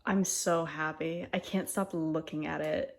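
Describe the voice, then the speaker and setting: A woman chatting casually while baking in her home kitchen, excitable, swearing freely and laughing often. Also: low-pitched, measured pace, creaky, echoey room, noisy background. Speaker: baking vlogger. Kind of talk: casual cooking vlog chat.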